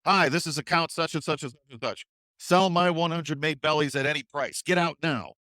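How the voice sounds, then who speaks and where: A scruffy, wild-eyed trader barks orders down the phone in high, forceful bursts, as a man acts him out in a dry, close sound. His voice jumps up sharply and stays punchy and loud. He comes across frantic and excitable. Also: measured pace, dry recording, exaggerated voice. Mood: urgent.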